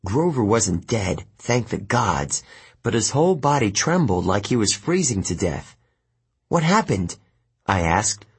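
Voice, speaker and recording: A man's voice: fairly low pitch, a little slow, husky. A man reading a first-person novel aloud as an audiobook narrator, voicing each character. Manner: animated storytelling, voices each character.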